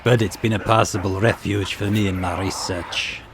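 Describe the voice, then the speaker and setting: A man doing a haughty, scornful alien scientist who makes clones of himself, drawling his lines in a low voice. He speaks slowly and looks down on everyone. The voice comes from a gaming video with a faint hiss behind it. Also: fairly even intonation, close to an everyday voice. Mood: disdainful. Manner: haughty, condescending, slow and measured. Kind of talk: reading video game dialogue aloud.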